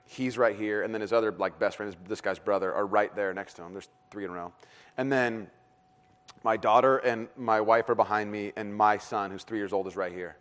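A man in his thirties preaching a sermon as a pastor, telling a family story in a lively way and laughing often. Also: lowish voice, fairly quick.

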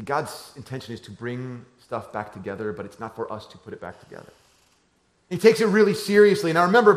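Recorded in a room with echo, a man preaching as a pastor shares a family story, his delivery moving between soft, low moments and loud, animated ones.

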